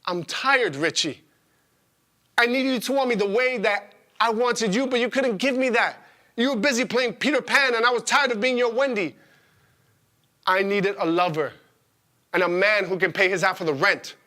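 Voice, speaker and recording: A weary, exasperated young woman, blunt and quick to swear, as a man puts her on in a stage monologue. She sounds fed up and tired, high and bright in tone. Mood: tired, pleading.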